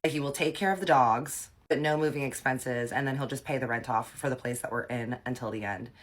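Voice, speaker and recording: A woman vlogger telling a personal story in an animated, dramatic, slangy way. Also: very deep voice, brisk. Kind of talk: storytime vlog.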